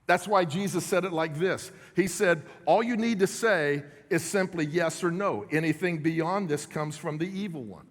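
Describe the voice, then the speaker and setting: A middle-aged man preaches in a church, his voice sitting a little high for a man. He talks plainly and conversationally, checking in with the crowd as he goes. A long reverb from the big hall trails behind his words. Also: normal speed, hardly any pauses. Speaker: pastor. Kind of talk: sermon. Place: church sanctuary.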